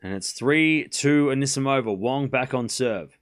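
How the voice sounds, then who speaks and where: A man's clear, resonant, mid-range voice carries his live tennis watchalong stream at a moderate pace. Speaking with a non-native English accent, he calls points in short bursts, chats with viewers, and swings up excitedly when a big point is played.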